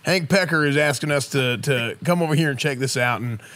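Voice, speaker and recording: A man's voice: mid-range voice, fairly quick, a bit bright. A man doing in-character roleplay as a stern cop, talking with a drawl.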